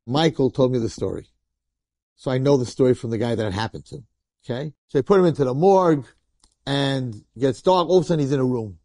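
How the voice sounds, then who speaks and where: Brief: a rabbi spinning a story from the pulpit, chatty and animated, with a mellow, dry close sound. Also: male voice, mid-range voice, no room sound. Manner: animated, colloquial, acts out the characters. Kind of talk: storytelling sermon.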